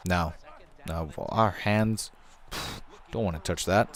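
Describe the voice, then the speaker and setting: A man's voice: lowish voice, sing-song, slow, long pauses. A young man giving casual, rambling commentary over a football video game, joking and swearing freely as he narrates. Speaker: gaming commentator.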